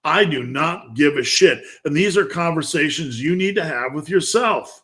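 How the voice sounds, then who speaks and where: A man in his fifties delivering a profane, fired-up motivational talk. His voice sits a little higher than most men's, and he speaks bluntly, with hard-hitting swearing throughout. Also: expressive, normal speed, sharp tone. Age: 50s. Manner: intense, blunt, heavy swearing.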